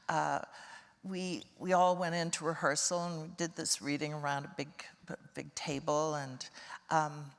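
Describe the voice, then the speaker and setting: An older woman with a low, unhurried speaking voice recounts stories in a candid, wryly amused way. She is a guest in a relaxed interview chat. Her voice carries a long reverb tail, as if from a large hall. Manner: anecdotal storyteller, wry and candid. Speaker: guest actress.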